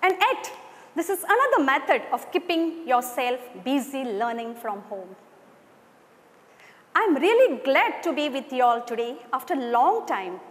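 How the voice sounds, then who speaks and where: A woman's voice: high voice, sing-song, measured pace, long reverb tail. A woman teacher with an Indian English accent giving a recorded online lesson, explaining and addressing her students directly.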